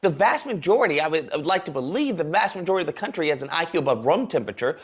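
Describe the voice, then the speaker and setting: Lively, heated male political commentator. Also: fairly high pitch, very fast, husky. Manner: heated, sarcastic, speaks in long rants. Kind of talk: livestream commentary.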